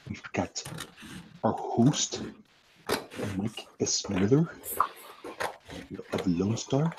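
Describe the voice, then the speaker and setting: A man in casual livestream chat, talking in a slow drawl. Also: on the low side, expressive. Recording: loud background noise.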